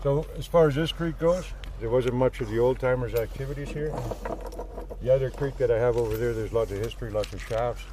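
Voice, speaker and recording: A man's voice: mid-range voice, a little fast. Gold miner guy telling a crude story outside, blunt and sweary, faint engine noise. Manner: blunt, profane, animated. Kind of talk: casual storytelling.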